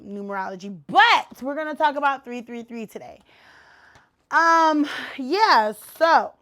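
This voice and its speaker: A woman hosting her own podcast in casual chat, animated and a little tipsy, with loud exclamations and slang. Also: fairly high pitch. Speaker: podcast host.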